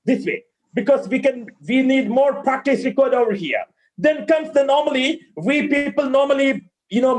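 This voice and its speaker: A Malayali-accented man with a very high voice teaches pronunciation over a video call. He says each word slowly and repeats it several times so learners can echo it back. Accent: Malayali English. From Kerala, India. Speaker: pronunciation trainer. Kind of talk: online pronunciation lesson.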